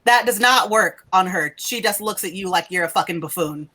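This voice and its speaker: A woman's voice: lowish voice, normal speed, pushed and bright. A woman running a tabletop game as game master. She narrates casually, laughs often and swears freely.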